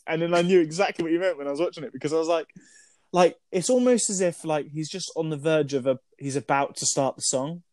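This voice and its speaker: A man's voice: a little high, quick pace, darkish tone, no echo. A man co-hosting a casual film review chat, who often trips over his words and laughs them off. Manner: chatty, stumbles over words and laughs at himself. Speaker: podcast co-host.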